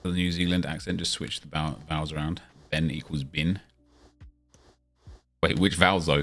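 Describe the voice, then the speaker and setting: Deep-voiced casual streamer man. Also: fairly even intonation, normal speed, pauses often, a bit bright, faint music behind. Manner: chatty, reads viewer questions aloud. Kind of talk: casual live-stream chat.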